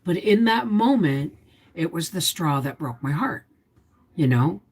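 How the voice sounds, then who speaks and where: A woman's voice: lowish voice, very animated, unhurried, a little mellow, husky. A woman in her fifties hosting a casual livestream, telling a rambling, confiding story to viewers while sounding emotionally tired. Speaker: homestead vlogger hosting a livestream. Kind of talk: casual live-stream chat.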